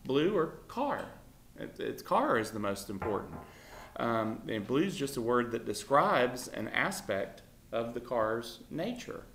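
A man's voice: mid-range voice, animated, a little slow, vocal fry, a bit bright, slight background noise. Man teaching a Bible class in an echoey room. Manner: conversational, full of fillers, asks the class questions. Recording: roomy echo.

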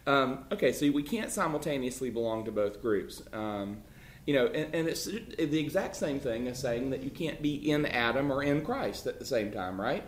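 A man teaches a Bible class in a casual, emphatic way. His voice sits at an ordinary middle pitch, and he keeps restarting his sentences with "you know." The sound has the echo of a roomy church classroom. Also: animated, moderate pace, slight background noise. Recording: echoey room.

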